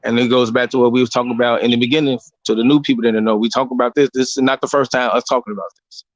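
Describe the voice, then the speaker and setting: A man's voice: mid-range voice, flat delivery, very fast, dry recording, lo-fi sound. A man, hosting a casual talk show and lecturing bluntly, with plenty of profanity and rising emphasis. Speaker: podcast host.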